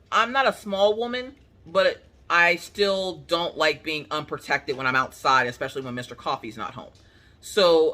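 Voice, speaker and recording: A woman crafting-channel host from Pennsylvania, telling a story in casual chat, animated and colloquial, acting out what people said. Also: sits low. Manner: animated, colloquial, acts out quotes.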